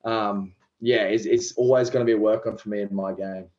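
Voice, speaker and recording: A man's voice: lowish voice, steady tone, a little fast, darkish tone. Australian man, late twenties, chatty, easygoing slang, dull lo-fi call sound. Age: 20s. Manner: chatty, self-deprecating, loose laid-back slang. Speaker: professional rugby league player, guest. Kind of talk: casual podcast interview.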